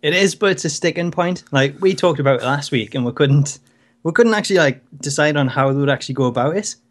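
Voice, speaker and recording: A man co-hosts a wrestling talk show in laid-back conversation. His voice sits a little high for a man, and he is easygoing but hesitant, often stumbling and restarting words as he thinks aloud. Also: fast. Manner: relaxed, hesitant, restarts words while working through a thought. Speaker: co-host. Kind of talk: casual chat.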